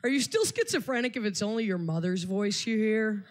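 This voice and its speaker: A woman's voice: mid-range voice, lively intonation, fairly quick, background noise. A woman doing a stand-up set on a live stage, telling stories in a dry, wry way. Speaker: stand-up comedian.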